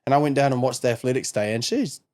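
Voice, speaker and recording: A man's voice: medium pitch, fast, a little mellow. A man with a New Zealand accent, hosting a podcast and telling a story in an earnest, casual way. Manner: earnest, storytelling, many fillers. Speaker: podcast host. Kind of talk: casual chat.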